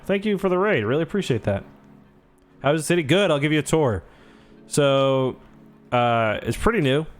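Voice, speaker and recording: A young man casually chatting while livestreaming a city-building game, rambling and thanking viewers as he goes. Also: mid-range voice. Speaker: streamer.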